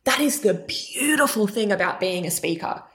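At normal speed, the young adult guest coach animatedly answers in a podcast interview, her expressive delivery marked by pitch changes for emphasis.

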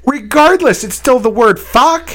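A young man in casual argumentative banter, profane and animated, laughing often. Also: very high-pitched, measured pace, a crowd in the background.

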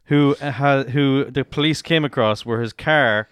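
A man's voice: medium pitch, unhurried, smooth, no echo. An Irish man co-hosting a podcast, telling anecdotes with casual swearing. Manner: animated storyteller, swears casually. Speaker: podcast co-host. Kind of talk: casual chat.

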